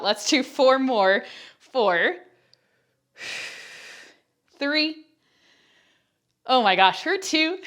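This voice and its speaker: A woman's voice: medium pitch, fairly bright tone. A woman instructing a follow-along Pilates workout, counting reps and giving upbeat cues with chatty asides while she is out of breath.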